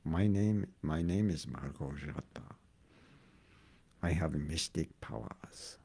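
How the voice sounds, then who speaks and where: A man putting on the voice of a mysterious Eastern European woman with mystic powers, speaking slow, low and spooky. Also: animated, gravelly, mellow, slightly rough, full character voice. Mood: eerie.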